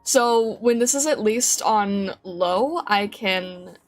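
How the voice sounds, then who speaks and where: A woman's voice: mid-range voice, takes it slowly, soft background music. A woman streamer chatting casually with her live chat, bubbly and giggly, greeting viewers by name from a home desk mic. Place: home streaming room with a fan. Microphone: desk mic with noise filter.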